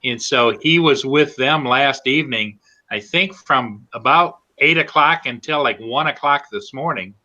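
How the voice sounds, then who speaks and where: A drone-pilot co-host speaks at medium pitch and a slightly slow pace on a muffled recording. In the casual group chat he's chatty, telling stories and voicing the people he quotes.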